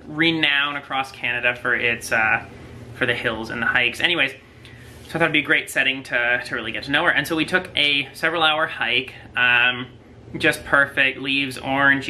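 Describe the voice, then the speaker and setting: Rambling young husband, bright tone. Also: male voice, medium pitch, slight background noise, poor audio. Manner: rambling storyteller, drawn-out asides. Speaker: husband co-host. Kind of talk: casual couple's quiz chat.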